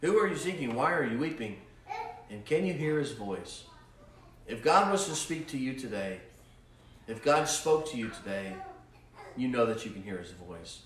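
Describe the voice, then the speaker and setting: A male pastor preaching a sermon in a repetitive cadence that swells with fervor and then softens into prayer. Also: mid-range voice, lively intonation, normal speed, pauses often, slight background noise. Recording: roomy echo, mic at a distance.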